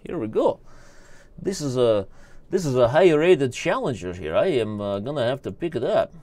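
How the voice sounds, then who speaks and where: Brief: a grandiose man with a thick put-on accent and broken English, a streamer's bit, with a lively, bouncing pitch. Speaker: online chess streamer.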